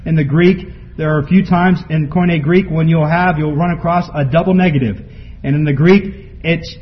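A man preaching a sermon from scripture, building to emphatic peaks and then dropping low and quiet. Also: moderate pace. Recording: muffled lo-fi recording with faint background noise.

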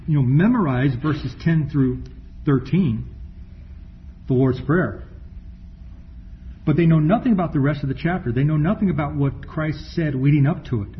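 A man preaching a sermon, reading scripture aloud slowly and stressing key words as he explains them. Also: fairly high pitch. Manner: slows down to stress words, reads scripture deliberately. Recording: dull recording with faint room noise.

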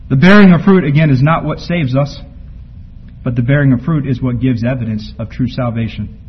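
A man preaching a sermon from scripture, building to emphatic peaks and then dropping low and quiet. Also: fairly quick. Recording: muffled lo-fi recording with faint background noise.

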